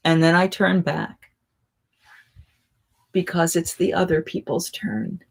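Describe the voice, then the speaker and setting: A woman hosting a casual live chat, telling rambling, animated anecdotes. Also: lowish voice, slow pace, vocal fry, slightly rough.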